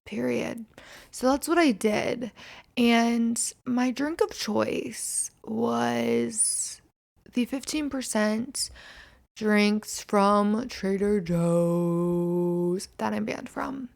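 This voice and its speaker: A woman's voice: medium pitch, expressive, extremely slow, gravelly, a little mellow. A hungover woman in her twenties hosting a casual solo podcast, rambling and self-mocking and swearing freely. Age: 20s. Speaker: podcast host.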